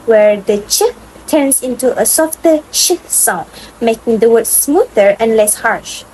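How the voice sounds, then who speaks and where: A woman student reads out her prepared analysis of pronunciation. Her voice sits fairly high, and she delivers it steadily, as though from a script. Faint noise lies behind it. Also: a little slow, a little mellow, low-quality recording. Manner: scripted, explanatory. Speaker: student presenter.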